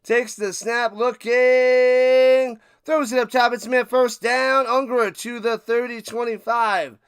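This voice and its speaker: A man streaming a live football watch party, giving casual play-by-play commentary and bursting into loud calls. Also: very high voice, level tone, slow, smooth, dry recording.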